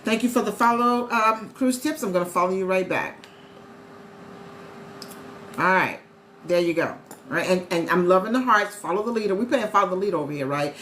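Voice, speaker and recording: A woman chatting casually to viewers on a live stream as a travel agent host, animated and talkative. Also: mid-range voice, brisk, long pauses. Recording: echoey room with faint ambient noise.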